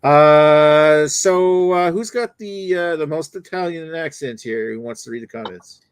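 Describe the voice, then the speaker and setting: A man's voice: fairly high pitch, unhurried, a little hiss or hum. Rambling man hosting a beer show. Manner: rambling, lots of fillers and restarts. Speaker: host. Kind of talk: casual beer review livestream.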